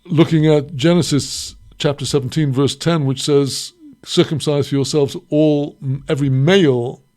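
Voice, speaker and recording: A man teaching a recorded Mishnah lesson, reading short Hebrew phrases and explaining each one slowly in English. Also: on the high side, steady tone, a little mellow. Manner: explains slowly, quotes Hebrew then translates. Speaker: Torah teacher.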